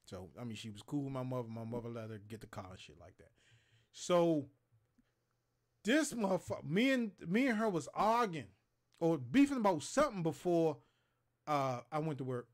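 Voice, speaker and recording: A man from Maryland tells rough, profane stories on a livestream, in a voice that sits a little high for a man and swings widely as he acts out each scene. He is casual and animated, in his thirties. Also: moderate pace. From Maryland, USA. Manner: profane, animated storyteller who acts out other people's lines. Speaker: co-host of a gaming talk show.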